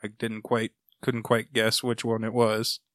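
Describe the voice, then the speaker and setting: A man's voice: lowish voice, monotone, unhurried, no room sound, clean studio sound. A man co-hosting a comic book podcast, casually recapping a story in a rambling way and acting out quotes as he goes. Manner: rambling plot summary with acted-out quotes.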